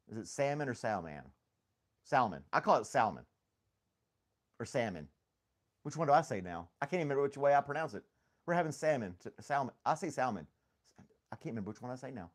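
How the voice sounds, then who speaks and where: Animated, jokey man chatting casually. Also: medium pitch. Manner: rambling, jokey, laughs often. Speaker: host. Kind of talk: casual livestream chat.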